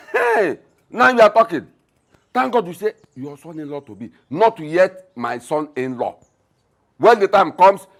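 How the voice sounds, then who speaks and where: A middle-aged Nigerian father, scornful and bossy, with a husky voice that swings widely in pitch. He mocks in a lively, sing-song way. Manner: mocking, scornful. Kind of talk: film acting.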